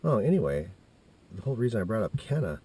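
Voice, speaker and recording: Fifty-something guy telling a story, low husky mellow voice, keeps restarting and going off on tangents. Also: big pitch swings, fast talker. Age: 50s. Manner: meandering, with many restarts and asides. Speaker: vlogger telling a personal story. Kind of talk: casual rambling storytelling.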